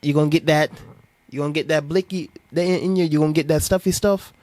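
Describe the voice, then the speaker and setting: A woman's voice: low-pitched, steady tone, fast, darkish tone, dry recording, lightly acted. A man putting on the voice of his nagging middle-aged mother, pushy and teasing.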